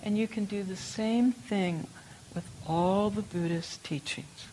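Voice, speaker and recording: An older woman giving a reflective Buddhist dharma talk, telling stories gently. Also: mid-range voice, slight background noise, poor audio. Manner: slow, reflective, gentle storytelling. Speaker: Buddhist teacher.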